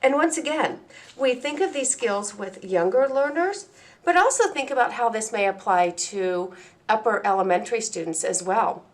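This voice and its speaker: A woman presenting a training lesson for teachers, speaking clearly and deliberately and slowing down to model words and sounds. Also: on the high side, lively intonation. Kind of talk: instructional presentation.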